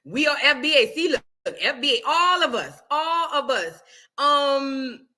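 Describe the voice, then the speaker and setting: High, animated woman hosting a livestream. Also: measured pace. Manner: rambling, animated, talks straight to viewers. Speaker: livestream host. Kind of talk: casual reaction livestream chat.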